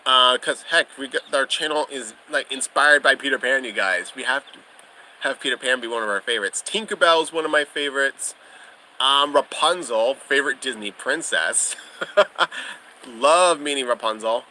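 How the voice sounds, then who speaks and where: A man's voice: medium pitch, moderate pace, sharp tone, a little hiss or hum, poor audio. A young man hosting a casual livestream, chatting with viewers in a bubbly, gushing way and laughing often. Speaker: livestream host.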